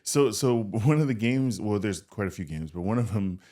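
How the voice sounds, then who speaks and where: A middle-aged man co-hosting a podcast in a casual chat, talking in a relaxed, hesitant way with many pauses. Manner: hesitant, easygoing, with fillers and a deep laugh. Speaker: podcast co-host.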